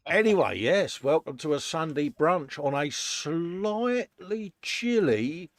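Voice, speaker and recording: A man's voice: a little high, lively intonation, takes it slowly, dry recording. Chatty English man hosting a workshop show. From England. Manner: chatty, laughs often, says "mate" a lot. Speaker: host. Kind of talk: casual chat.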